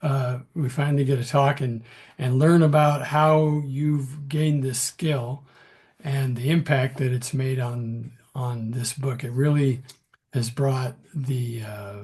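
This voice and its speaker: A man, an author hosting a casual interview, asking rambling, drawn-out questions. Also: medium pitch, steady tone, a little mellow, slightly rough. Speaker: author and host.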